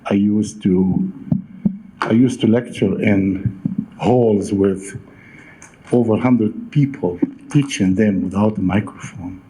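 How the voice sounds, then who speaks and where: Slow, emphatic man making a speech. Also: on the low side, mellow, poor audio. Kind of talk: public comment at a council meeting. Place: council chamber. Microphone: podium microphone.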